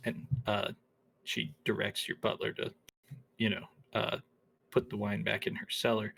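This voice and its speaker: A man narrating as game master of a tabletop game, relaxed and halting, with many fillers. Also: lowish voice, vocal fry, slightly rough.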